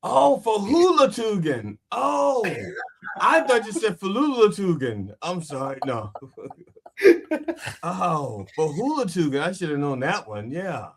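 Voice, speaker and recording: A man's voice: fairly high pitch, very animated, measured pace, fairly bright tone, breathy edge. A man chatting as a guest comedian on a podcast, riffing loosely with lots of restarts and "you know"s. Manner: rambling riffs full of restarts and "you know". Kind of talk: casual comedy podcast chat.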